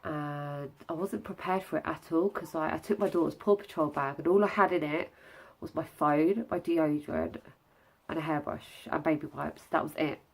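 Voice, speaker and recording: A young woman talks through her recovery in a chatty, candid way. Her voice sits a little low and sounds stuffed up, and she breaks off now and then to catch her breath. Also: normal speed, creaky. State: stuffy nose, short of breath. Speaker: vlogger. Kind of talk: casual vlog recovery update.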